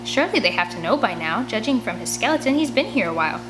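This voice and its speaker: A woman reading a children's chapter book aloud in an expressive storytelling way, recorded at home. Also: on the high side, fast, over music, rough recording. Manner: expressive storytelling, chatty asides. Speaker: audiobook reader. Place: home room by a large window. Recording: steady background hum.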